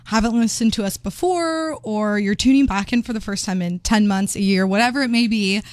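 A young woman co-hosting a podcast in casual chat, bubbly, laughing often and making quick asides. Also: mid-range voice, dry recording. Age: young adult. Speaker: podcast co-host.

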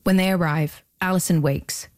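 A woman hosting and narrating a true-crime documentary podcast in a measured scripted read. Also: fairly low pitch, a little hiss or hum. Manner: measured, even delivery.

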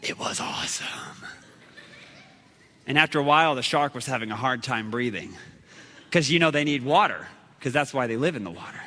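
A man preaching a storytelling sermon, animated and dramatic, with sudden shouts. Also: mid-range voice, a little fast, pauses often, in a large hall.

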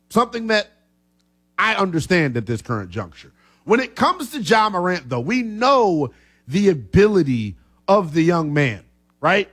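A man hosting a sports talk radio show, talking with animated energy. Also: high-pitched, breathy edge. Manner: lively, animated, coughing fits.

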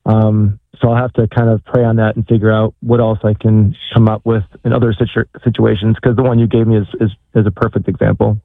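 A man's voice: fairly low pitch, level tone, a little fast, gravelly, hardly any pauses, no room sound. A man calling in for advice, speaking hesitantly with many fillers and restarts. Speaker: caller. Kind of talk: phone call-in. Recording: tinny dry phone line.

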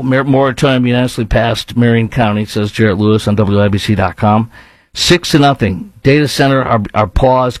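A man's voice: on the low side, gravelly, poor audio. A man with a Chicago accent hosting a talk radio show, delivering a rambling, opinionated monologue and arguing with imagined objections.

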